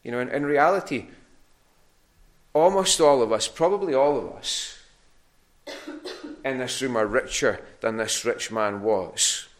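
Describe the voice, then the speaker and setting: A man's voice: mid-range voice, a little slow, pauses often. Man preaching in a conversational way. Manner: conversational, repeats words while searching. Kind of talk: sermon. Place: church hall.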